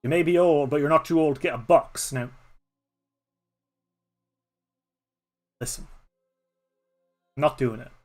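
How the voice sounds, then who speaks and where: A man with an Irish accent voicing a grumpy, stubborn old male postal badger who talks bluntly and loudly. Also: a little high, lively intonation, moderate pace, soft background music. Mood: gruff.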